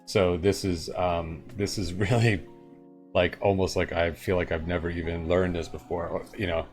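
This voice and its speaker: Rambling live-coding man, lowish voice, faint music under him. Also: little pitch movement, normal speed. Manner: rambling, thinks aloud, chuckles at himself. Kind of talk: casual coding chat.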